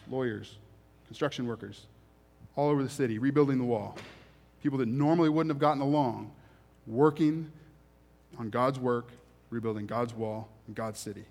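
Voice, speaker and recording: A man delivers a sermon, reading passages of scripture and then talking them through in a relaxed, everyday way. He drives points home by repeating phrases. His mid-range voice carries a long reverb, as in a large hall. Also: medium pitch. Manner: reads scripture then explains it conversationally, with emphatic repetition. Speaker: preacher.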